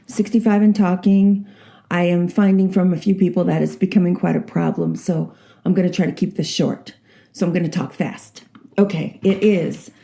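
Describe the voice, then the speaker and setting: Gravelly older woman telling jokes. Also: fairly low pitch. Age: 60s. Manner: chatty, rambling, animated storyteller. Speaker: vlogger. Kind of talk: casual joke telling.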